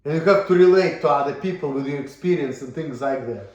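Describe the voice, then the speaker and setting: A man's voice: fairly high pitch, quick pace, a little mellow, dull audio. A man with a first language of Russian, ranting in a blunt, profane vlog monologue, repeating himself and asking "you see?". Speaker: vlogger. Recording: roomy echo.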